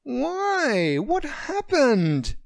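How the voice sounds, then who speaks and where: A man voicing an excitable, overanimated adult woman friend who giggles as she talks, in a storybook reading. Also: sits low, unhurried, dry recording, clean studio sound, voice pushed up, exaggerated voice. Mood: eager.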